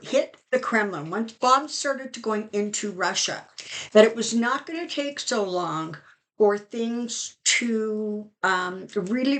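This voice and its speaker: Reading cards for her channel, a middle-aged woman talks in a chatty, strongly opinionated way, stuffing her speech with fillers. She has a mid-range voice with a fairly bright tone.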